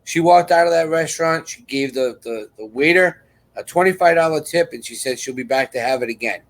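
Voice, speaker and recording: A man with a fairly high voice talks fairly quickly on a rough recording while hosting a live chat. His story rambles and repeats, he restarts sentences, and he acts out other people's lines in quoted voices.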